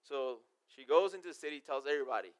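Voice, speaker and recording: A man's voice: medium pitch, animated, fast talker, clean tone. A man preaching a casual sermon, reading scripture verses aloud and then explaining them in everyday, conversational terms. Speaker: pastor.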